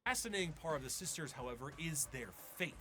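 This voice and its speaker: A man reading scripted explainer narration with a measured, wry delivery. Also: on the high side, expressive, pushed and bright, slight background noise. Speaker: video narrator.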